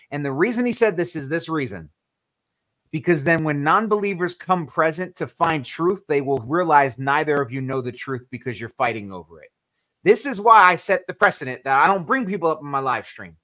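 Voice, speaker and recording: A man's voice: on the high side, bright, forceful tone. A man hosting a Christian podcast, talking casually and with animation, often acting out quotes as he preaches. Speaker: podcast host. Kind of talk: casual chat.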